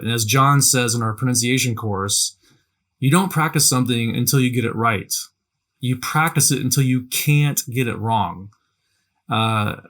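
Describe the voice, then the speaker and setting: Guy teaching tones, chatty, keeps saying right?, medium pitch. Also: fairly bright tone. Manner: conversational, repeats words, frequent "right?" tags. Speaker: language teacher. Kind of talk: casual instructional talk.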